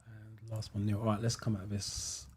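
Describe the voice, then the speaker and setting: A British man with a low, mellow voice runs a live driving theory lesson and talks through viewer comments. He speaks in a fairly flat, chatty way, thinking aloud with plenty of ums and thanking viewers as he goes. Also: normal speed, a little hiss or hum. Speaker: driving theory tutor hosting a live stream. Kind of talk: live stream teaching and reading comments.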